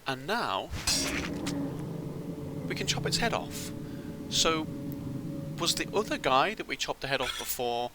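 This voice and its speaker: A man's voice: a little high, very animated, a little slow, heavy background noise. A man giving casual gameplay commentary as a channel host, thinking aloud and rambling with restarts.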